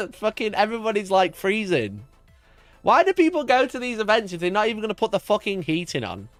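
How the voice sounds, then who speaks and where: A man hosting a casual live stream, with a high voice that swings widely up and down as he rants in mock outrage. He swears freely and breaks into laughter between points. The sound is dry and close, with faint music underneath. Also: huge pitch swings, fairly quick, no echo. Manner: swears a lot, laughs often, rants and reads chat aloud; mock outrage, voice jumps up when worked up. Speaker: livestream host.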